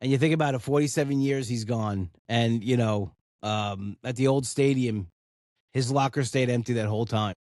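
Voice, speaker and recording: A man's voice: medium pitch, moderate pace, darkish tone, dry recording. Rambling New man, dry close sound. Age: 40s. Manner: rambling and heartfelt, lots of "you know" fillers. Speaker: podcast host. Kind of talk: casual solo podcast talk.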